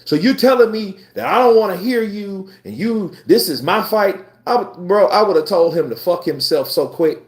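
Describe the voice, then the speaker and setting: A man hosting a live boxing stream, chatting casually with his viewers in a blunt, profane, animated way. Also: high-pitched, normal speed, hardly any pauses. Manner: animated, profane, talks back to chat. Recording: roomy echo.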